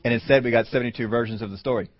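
A man's voice: medium pitch, steady tone, rapid-fire. Male preacher, casual sermon delivery with laughs and emphatic swells, lo-fi recording. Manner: conversational, chuckling, rising to emphatic peaks.

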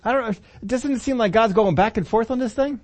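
A man with a fairly high voice preaching a sermon. He tells the story in a folksy, humorous way, dropping into other voices for the people in it. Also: brisk, a little mellow. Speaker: pastor.

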